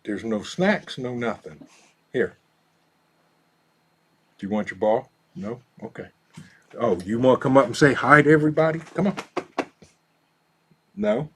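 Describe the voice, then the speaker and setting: A man's voice: fairly high pitch, expressive, measured pace, pauses often. Laid-back man hosting a live stream. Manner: easygoing, laughs often, talks softly to his dog. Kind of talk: casual live stream chat reading comments.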